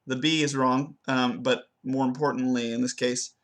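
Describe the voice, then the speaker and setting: A young man giving a spoken review of his own pronunciation, hesitant and full of fillers, slowing down to demonstrate words. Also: mid-range voice, little pitch movement, fairly bright tone. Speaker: language student. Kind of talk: spoken self-assessment of pronunciation.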